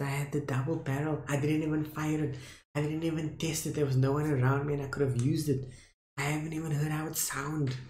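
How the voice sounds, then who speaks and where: A young South African man streaming a video game, talking casually to his viewers, muttering at times and loudly dismayed at others. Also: medium pitch, reverberant. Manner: talks to viewers as "dudes" and "boys", swings from muttering to loud dismay. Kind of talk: casual live gameplay commentary.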